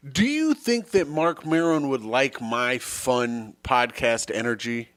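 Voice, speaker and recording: A man's voice: mid-range voice, expressive, takes it slowly, a bit bright, no echo, studio quality. A man co-hosting a comedy podcast, telling a rambling, joking story in casual chat. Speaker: podcast co-host.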